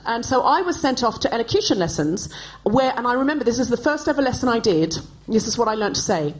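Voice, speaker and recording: A woman in her forties, from Australia, hosting with an animated, self-mocking stand-up monologue on a live stage. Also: on the high side, rough recording. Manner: animated, self-mocking storytelling with quick asides. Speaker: host. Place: live stage before an audience.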